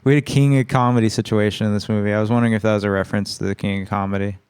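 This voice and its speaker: A man's voice: on the low side, steady tone, very fast, a little mellow, smooth, dry recording. A man co-hosting a podcast, chatting casually about a film in a rambling way and swearing now and then. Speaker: podcast co-host.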